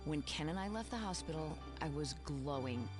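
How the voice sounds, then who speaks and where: A woman's voice: low-pitched, expressive, normal speed. An actress voicing a whiny, exasperated mother complaining in a radio ad. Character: bored, selfish suburban mother, exasperated. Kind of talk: radio advert acting. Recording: radio ad with music behind.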